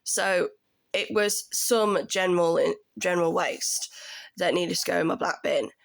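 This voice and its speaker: A woman's voice: on the low side, a little slow, creaky. A woman in her thirties, a tenant telling her story in a casual, indignant rant that climbs into raised exasperation.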